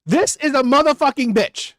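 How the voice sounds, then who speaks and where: A man's voice: very high voice, normal speed, fairly bright tone, no echo. A man hosting a reaction channel, ranting with heavy profanity and repeating himself. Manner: profane, heated, repetitive.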